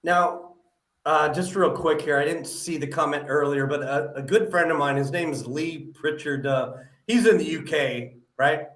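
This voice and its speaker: A man hosts a live-stream podcast interview in a chatty, upbeat way, with many fillers. His voice sits a little high for a man. The room adds a noticeable echo. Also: moderate pace, a bit bright. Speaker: podcast host. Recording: roomy echoey audio.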